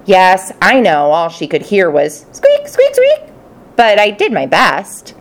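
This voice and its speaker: A woman narrating a children's storybook in the first person, expressive and playful. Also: on the low side, measured pace. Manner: expressive, playful character voices. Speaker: audiobook narrator.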